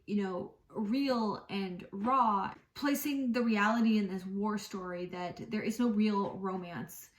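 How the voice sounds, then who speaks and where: A woman's voice: on the high side, reverberant, far from the mic, a little hiss or hum. A woman giving a casual book review in a wry, puzzled way.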